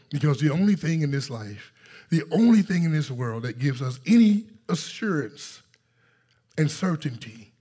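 A male pastor preaching a sermon, telling a story and calling out to his congregation, rising to excited intensity. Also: mid-range voice, breathy edge. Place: church sanctuary.

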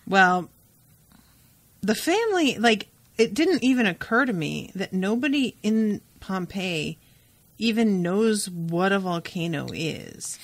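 A woman co-hosting a podcast in casual chat, animated and blunt, with quick asides. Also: medium pitch, no echo. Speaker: podcast co-host.

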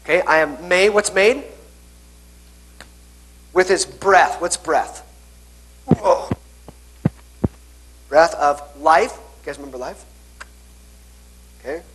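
A man's voice: fairly high pitch, slow, long pauses, a bit bright, a little hiss or hum, poor audio. A young man, a pastor, giving a children's message in church, coaxing the kids through hand signs and checking in with "okay?" again and again. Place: church sanctuary.

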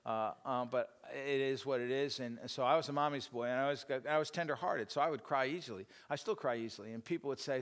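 A man's voice: medium pitch, fairly even intonation, quick pace, hardly any pauses, smooth. Rambling man teaching in a reverberant church hall. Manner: rambling, self-deprecating, frequent fillers and restarts. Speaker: speaker at a church teaching session. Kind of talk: informal church teaching talk.

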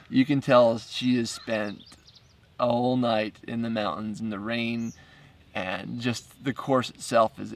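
A man tells a story in a casual first-person way, stumbling and repeating words and laughing lightly between phrases. His voice is rough and gravelly at medium pitch. He sits a little back from the microphone. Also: a bit bright, far from the mic. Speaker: filmmaker narrating his documentary.

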